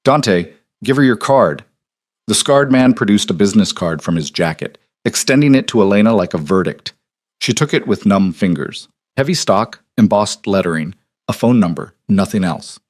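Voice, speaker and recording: A man narrating a scripted drama story in a measured, dramatic reading. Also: lowish voice, expressive, dry recording, studio quality.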